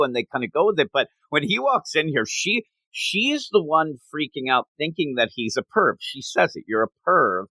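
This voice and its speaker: A man co-hosting a podcast in casual chat, animated and giggly, acting out lines as he retells scenes. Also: on the high side, dry recording. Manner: animated, giggly, acts out quotes. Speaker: podcast co-host.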